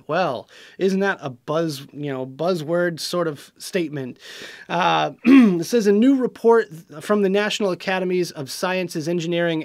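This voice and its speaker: A man's voice: sits high, dry recording, studio quality. A young man hosting a vape show, ranting with frustration and sarcasm about a news report as he reads it aloud. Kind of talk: casual video commentary.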